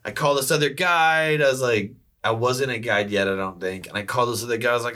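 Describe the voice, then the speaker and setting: A man swaps stories in relaxed talk among friends. His voice is bright and forceful, and he dives into the tale, switching into the voices of the people he quotes. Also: mid-range voice, quick pace. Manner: animated storytelling, acts out quoted voices. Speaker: storyteller. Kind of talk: casual chat.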